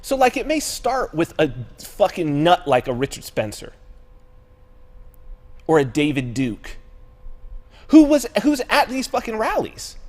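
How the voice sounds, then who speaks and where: A male talk-show host with a fairly high voice that leaps around in pitch. He talks casually and animatedly, drops in swear words, and slips into exaggerated voices to act out other people. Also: huge pitch swings, measured pace, pauses often, a little mellow.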